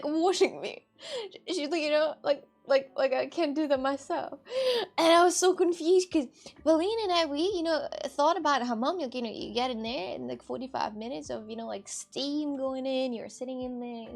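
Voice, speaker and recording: High-voiced woman, chatty and laughing. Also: moderate pace, gravelly. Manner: animated, laughing, bursts of shrieks while retelling. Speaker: vlogger. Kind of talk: casual storytelling to camera.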